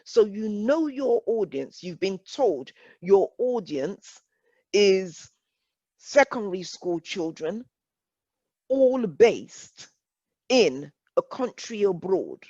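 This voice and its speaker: Woman workshop presenter, English accent, unhurried, dry dull call audio. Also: mid-range voice, sing-song, a little mellow, no echo. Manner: measured, deliberate, repeats phrases.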